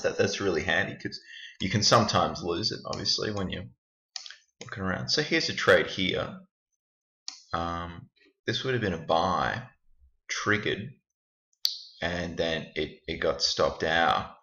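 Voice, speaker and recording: Low-voiced man rambling through a screen recording. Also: a little slow, gravelly, long pauses, bright, forceful tone. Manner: rambling, thinking aloud, self-critical. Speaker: trader reviewing his backtest results. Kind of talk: casual screen-recording walkthrough. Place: indoors at a computer. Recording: echoey room, dull lo-fi sound.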